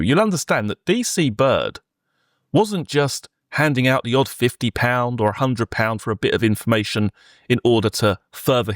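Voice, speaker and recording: A man's voice: mid-range voice, no room sound, clean studio sound. A man hosting a true crime commentary, explaining a police interview step by step in a conversational way. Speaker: true crime channel host.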